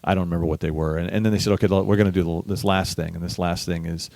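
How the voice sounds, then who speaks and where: A middle-aged man, a bass musician, telling a lively story in a casual interview, acting out the people he quotes. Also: very fast, gravelly, no echo. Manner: animated storyteller, acts out quoted voices. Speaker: guest musician.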